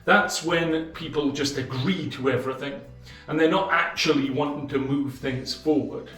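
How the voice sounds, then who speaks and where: A man with a slightly raised voice explains a book in a measured way, leaning on pauses and emphasis. He sits a little back from the mic in an echoey room. Soft music plays faintly behind him. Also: on the high side, fairly even intonation, recorded from a distance. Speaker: channel host summarizing a book. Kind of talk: explanatory book-summary monologue.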